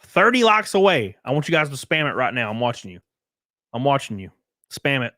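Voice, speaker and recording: A man's voice: mid-range voice, big pitch swings, a little fast, bright, forceful tone, no room sound, clean studio sound. A man hosting a live stream in a loose, rambling, joking way, reading out viewer messages and thanking them. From Southern United States. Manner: rambling, jokey, reads out chat messages. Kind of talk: casual live-stream chat.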